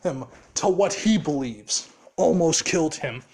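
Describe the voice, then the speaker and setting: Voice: mid-range voice, lively intonation, a little slow, a little mellow. A casual storyteller rambling through a fan scenario with frequent laughter, filler words and heavy swearing.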